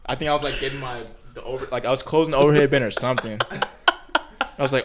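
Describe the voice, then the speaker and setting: A young man co-hosting a casual podcast, rapidly telling slangy stories. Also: mid-range voice, over a noisy crowd. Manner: rapid, storytelling, slangy with lots of restarts. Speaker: podcast co-host. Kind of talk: casual chat.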